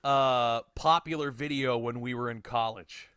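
A man's voice: medium pitch, unhurried, clean tone, no room sound, clean studio sound. A young man from Connecticut hosting a casual podcast chat, laughing often, swearing and quizzing his co-hosts. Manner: laughs often, swears, animated quiz-giving. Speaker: podcast host.

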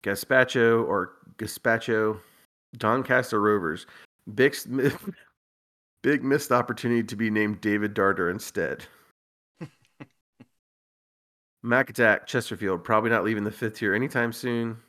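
A man with a somewhat low speaking voice hosts a casual podcast. He reads through a list at an easy pace, with wry, deadpan remarks and the odd chuckle. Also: a little slow, pauses often. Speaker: podcast host. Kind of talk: casual podcast chat, reading out a listener's list.

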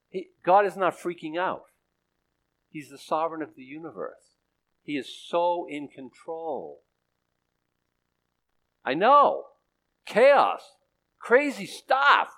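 A man preaching a sermon as pastor, swinging between loud urgency and hushed softness, often repeating and restarting phrases. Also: on the high side, sing-song, unhurried, pauses often, poor audio.

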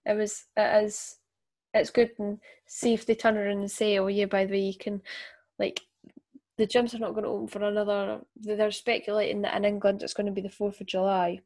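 A woman's voice: mid-range voice, level tone, brisk, a little mellow. A young woman with a Scottish accent, chatting casually and asking questions as the interviewer, laughing often. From Scotland. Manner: chatty, laughs often, says "aye" and "wee". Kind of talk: casual chat.

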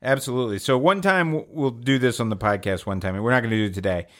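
A man's voice: medium pitch, fast, a bit bright. A man hosting a podcast, telling a long joke in a casual, hesitant, rambling way. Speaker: podcast host.

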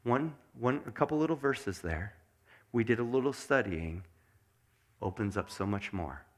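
A man preaching a sermon as pastor, asking the congregation many questions and dropping to a soft mutter to show meditation. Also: medium pitch, normal speed. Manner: animated, asks the congregation lots of questions; drops to a soft mutter when showing meditation.

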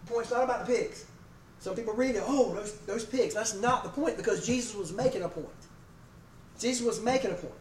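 A man's voice: high-pitched, brisk. A man preaching a sermon in a folksy way, checking in with his congregation by name and asking "okay?" and "amen?" throughout. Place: church sanctuary. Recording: echoey room, distant mic, faint noise.

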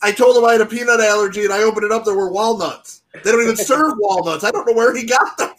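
High-voiced man joking deadpan. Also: fast. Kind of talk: crude comedic banter.

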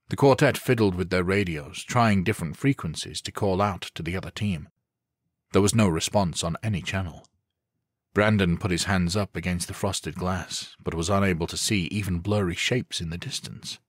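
A man narrating an audiobook in a steady, measured storytelling manner. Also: sits low, no echo, clean studio sound. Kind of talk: scripted narration.

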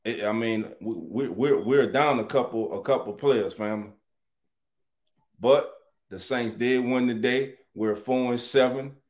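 A man hosting a casual live sports chat, animated and greeting viewers by name. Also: mid-range voice, a little slow. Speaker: sports talk show host.

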